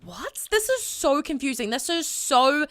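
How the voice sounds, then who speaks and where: A woman's voice: high voice, sing-song, measured pace, voice pushed up. A woman voicing a heartbroken, furious young woman lover, indignant and pleading, close to her own voice.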